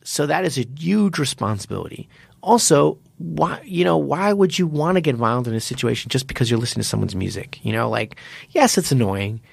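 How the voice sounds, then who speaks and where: Podcast host, male, gravelly voice, dry close mic, animated storyteller who restarts a lot. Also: medium pitch, fairly quick, no echo. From United States. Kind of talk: casual podcast chat.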